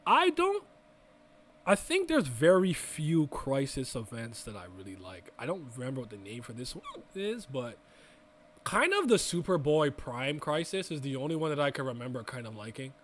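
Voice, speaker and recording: A man's voice: mid-range voice, very animated, moderate pace, fairly bright tone. A young man co-hosting a casual podcast, rambling through restarts and swearing freely as he chats. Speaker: podcast co-host. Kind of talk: casual chat.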